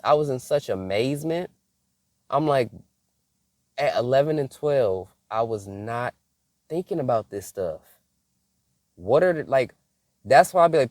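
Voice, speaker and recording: A young Michigan man, a faith vlogger, tells a casual story with animation, laughing often and slipping into mock-scolding asides. His voice sits in the mid range, and the studio sound is clean with no room sound.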